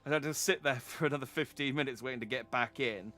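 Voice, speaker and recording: A man's voice: medium pitch, quick pace, sharp tone, faint music behind. A man streaming a video game, chatting casually and rambling, often restarting his sentences. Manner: rambling, self-interrupting, chatty. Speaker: vtuber streamer.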